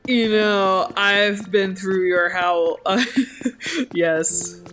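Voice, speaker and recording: Slow-talking bright-voiced woman streamer. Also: mid-range voice, fairly even intonation, faint music behind. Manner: playful, mock-dramatic, laughs often. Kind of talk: live stream chat with viewers.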